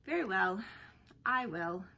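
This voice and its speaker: An indignant, lovesick young man, as a woman reads him aloud who answers every jab with earnest retorts. His tone is bright with a breathy rasp. It sounds like a storybook reading. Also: mid-range voice, lively intonation, slow pace, heavily acted.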